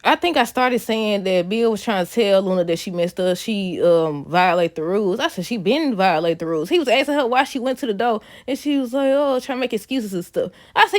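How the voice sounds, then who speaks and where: A woman recapping a soap opera episode in a casual vlog, animated and laughing often. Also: mid-range voice, brisk, dry recording, clean studio sound. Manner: animated, laughs often, addresses viewers as y'all.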